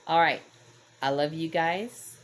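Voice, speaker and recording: A middle-aged woman with a low, deep-set voice shares encouragement in a relaxed devotional chat. She wanders through her thoughts in an earnest, informal way, leaning on "you know" as she goes. A faint hiss sits under her voice. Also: slow pace. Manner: earnest, rambling, many "you know" fillers. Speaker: Christian encouragement vlogger. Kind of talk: casual devotional chat to camera.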